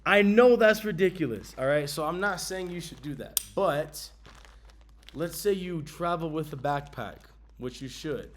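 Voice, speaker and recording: A man's voice: on the high side, measured pace, a little hiss or hum. Laid-back slangy man showing gear. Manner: laid-back, slangy, many ums, bursts of excitement. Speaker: travel vlogger. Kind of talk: casual gear demonstration.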